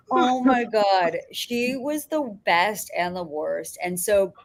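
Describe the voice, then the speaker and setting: A woman's voice: medium pitch, lively intonation, extremely slow. Woman telling profane rambling stories. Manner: profane, laughing, rambling anecdotes. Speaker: filmmaker guest. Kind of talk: casual storytelling.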